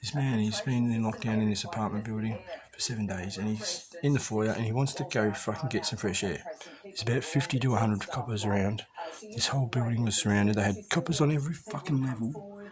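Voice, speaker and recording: A man's voice: on the low side, brisk, a crowd in the background. An Australian man giving a rambling, profane rant to his viewers, full of swearing and conspiratorial asides. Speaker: vlogger addressing preppers.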